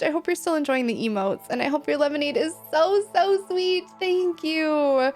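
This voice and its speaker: A woman's voice: high-pitched, normal speed, hardly any pauses, darkish tone. A woman streamer chatting casually with her live chat, giggly and full of "like," reacting to viewer messages. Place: home room with a window. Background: faint game music.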